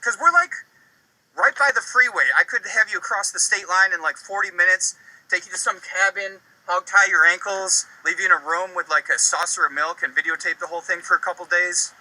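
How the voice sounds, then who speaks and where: An actor playing a young man who makes an offhand, deadpan joke with a creepy edge in a film scene. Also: sits high, a little fast, dry recording, rough recording. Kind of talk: film dialogue.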